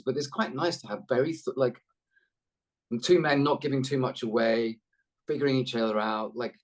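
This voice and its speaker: Rambling, chatty man. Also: medium pitch. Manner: chatty, rambling, self-deprecating, lively storyteller. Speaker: actor guest. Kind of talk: casual interview chat. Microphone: video call.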